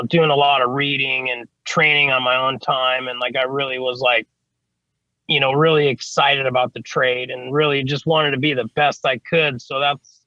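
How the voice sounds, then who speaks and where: The audio is dull with no room sound, carrying a man's fairly high-pitched voice. He's an HVAC service tech on a podcast, rambling through casual interview stories, swearing freely and repeating "you know what I mean."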